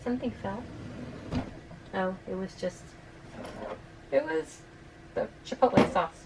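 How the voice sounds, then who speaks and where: A woman's voice: medium pitch, takes it slowly, pauses often. A woman giving a casual, chatty walkthrough of her motorhome for an RV vlog. She explains things by showing them. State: out of breath. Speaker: RV vlogger. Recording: distant mic, faint ambient noise.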